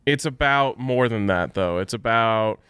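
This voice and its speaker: A man co-hosting a casual sports chat, calm and agreeable. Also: lowish voice, unhurried, clear, resonant tone, dry recording, studio quality. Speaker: podcast co-host.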